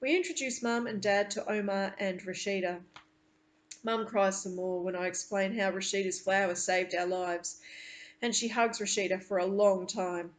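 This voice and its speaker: Aussie teacher lady reading a book aloud, earnest, stops to explain stuff, bit halting. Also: mid-range voice.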